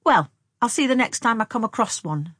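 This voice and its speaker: A woman's voice: a little high, sing-song, moderate pace, husky, no echo, clean studio sound, voice pushed up. A woman voicing a proud, cool young woman.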